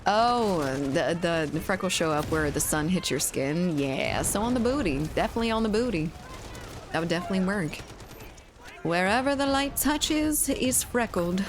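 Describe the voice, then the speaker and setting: Woman, young adult, game streamer, casual candid chat, lots of laughs, slightly low pitch. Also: expressive, fairly quick, slight background noise. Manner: candid, joking, laughs often, answers chat.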